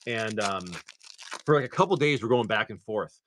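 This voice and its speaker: A man's voice: lowish voice, fairly quick, fairly bright tone. A man hosting a casual livestream, rambling through stories full of "like" while opening trading cards. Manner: rambling storyteller, lots of "like".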